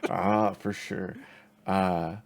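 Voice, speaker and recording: A man narrating a tabletop game as game master, halting with fillers and laughing often. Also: sits low, steady tone, creaky.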